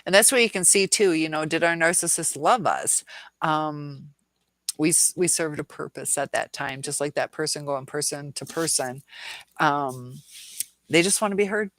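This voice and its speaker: A woman's voice: sits low, normal speed, a bit bright, no echo. A woman hosting a casual live stream, answering viewer comments in a chatty way, laughing often, with many fillers and restarts.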